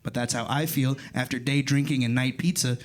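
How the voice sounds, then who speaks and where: A man in his thirties doing a stand-up comedy set in a club, telling stories in an animated way and jumping into loud voices for punchlines. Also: mid-range voice, a little fast. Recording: live club recording with crowd laughter. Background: audience laughter.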